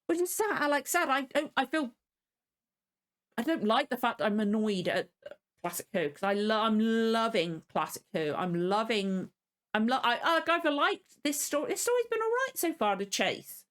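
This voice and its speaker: Woman, reaction vlogger, rambling, frank, irritated, fillers and restarts, slightly high voice. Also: very animated, moderate pace. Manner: openly annoyed, venting. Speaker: reaction channel host. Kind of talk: casual reaction commentary.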